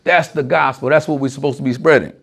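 A man preaching an informal, conversational sermon to a small group, animated and speaking straight to his listeners with everyday examples. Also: medium pitch, fast talker, creaky, slightly rough.

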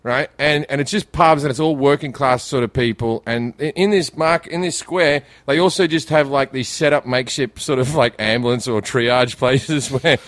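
A man's voice: medium pitch, moderate pace, hardly any pauses, a bit bright, no room sound. A middle-aged man from Australia telling rambling, laughing anecdotes in a casual chat, full of restarts. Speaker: comedian guest.

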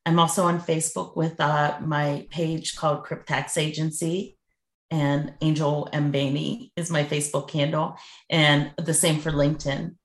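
A woman's voice: deep voice, flat delivery, measured pace. A woman, a mother and business coach, answering interview questions in an earnest, thoughtful way with many fillers. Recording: echoey room.

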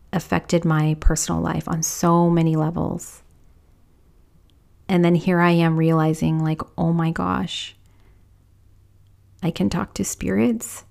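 A woman podcast host telling a personal story in a confessional way, often dropping to a hushed whisper when quoting people. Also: on the low side, creaky.

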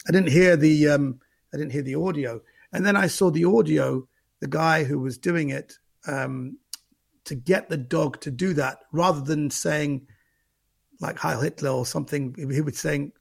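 A man, a stand-up comedian, talks casually in an interview. His voice is gravelly and husky. He thinks aloud and often repeats a word before going on. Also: a little high, moderate pace. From Central London. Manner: thoughtful, repeats words while gathering thoughts.

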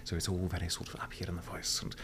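A man's voice: sits low, completely flat delivery, fast talker, creaky, fairly bright tone, whispered. A man from the United States, a voice actor guest, chatting candidly in a rambling interview and swearing freely. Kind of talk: casual interview chat.

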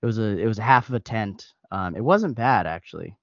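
A man co-hosting a podcast as a comedian, trading deadpan jokes with hesitant fillers. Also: fairly low pitch, fairly quick, no room sound. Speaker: comedian co-host. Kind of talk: casual podcast banter. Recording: dull dry lo-fi sound.

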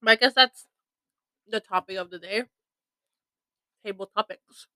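A woman's voice: medium pitch, unhurried, sharp tone, dry recording, poor audio. A young woman from Toronto co-hosting a casual podcast chat, laughing and snacking as she talks and swearing casually. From Toronto, Canada. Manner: laughs often, eats while talking, swears casually. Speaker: podcast co-host.

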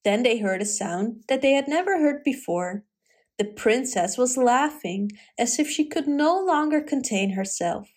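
A woman reading a fairy tale aloud in a gentle, expressive storytelling manner. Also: a little high, measured pace.

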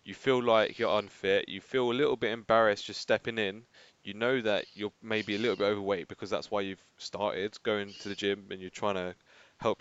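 A man's voice: fairly low pitch, a bit bright, clean tone. A young man co-hosting a podcast, easygoing and encouraging in casual chat. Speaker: podcast co-host. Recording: dry, slightly dull podcast mic.

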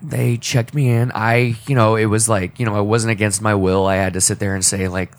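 Low-voiced man telling a painful story. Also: flat delivery. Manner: emotional, halting, with many restarts. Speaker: podcast co-host. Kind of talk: personal storytelling in casual talk.

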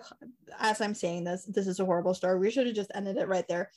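A woman's voice: a little high, fast. Young woman telling stories animatedly. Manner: animated storytelling, swearing, laughing often. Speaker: podcast co-host. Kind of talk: casual chat.

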